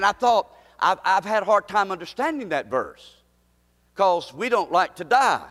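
A pastor preaching with a notably high-pitched voice, leaning hard on repeated phrases. His sermon rings out with the long reverb of a church hall. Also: expressive, moderate pace, fairly bright tone.

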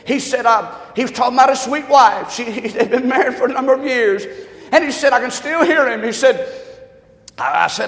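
A middle-aged male pastor preaching a sermon in a church, impassioned, swinging between shouts and low asides and jokes. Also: expressive, fairly quick. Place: church sanctuary. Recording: echoey church hall.

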